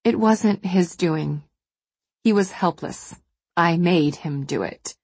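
A woman's voice: lowish voice, takes it slowly, breathy edge, no room sound, heavily acted. Woman reading a wounded, steely woman confessing. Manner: quiet, steely.

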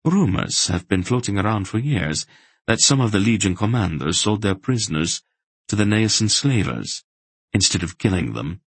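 A man's voice: lowish voice, expressive, normal speed, slightly rough, dry recording, voice pushed up. A man reading an audiobook and voicing a worldly, sly male rogue with a dry, sardonic delivery. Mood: wry.

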